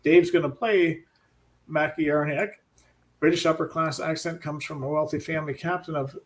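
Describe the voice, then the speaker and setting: A man's voice: fairly high pitch, steady tone, normal speed. Upbeat middle-aged male stream host. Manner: laughing, stumbling over names. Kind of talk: casual livestream chat.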